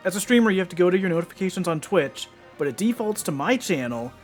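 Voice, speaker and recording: A man's voice: sits high, sing-song, fast talker, faint music behind. A man who streams himself, chatting casually on a game stream and explaining things at length. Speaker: streamer guest. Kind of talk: casual chat while gaming.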